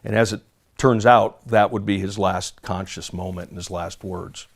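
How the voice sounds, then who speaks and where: A police officer giving a measured, deliberate account of a shooting in an interview clip. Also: male voice, sits low, fairly even intonation.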